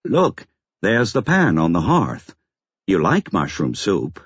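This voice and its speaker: A man voicing a calm, earnest and stiffly formal man in an audiobook, measured and precise, on a slightly dull lo-fi recording. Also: deep voice, slightly rough, dry recording, exaggerated voice. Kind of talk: audiobook character voice.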